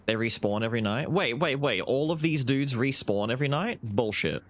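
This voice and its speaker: A man's voice: mid-range voice, normal speed. A man streaming a video game live, casually commentating, swearing and yelping as fights break out. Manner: excitable, swears, yelps during fights.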